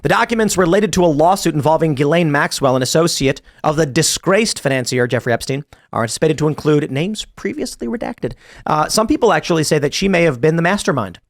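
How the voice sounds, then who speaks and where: Man podcast host, a touch high-pitched, sarcastic commentary over the news. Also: expressive, fast. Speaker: show host. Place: podcast studio.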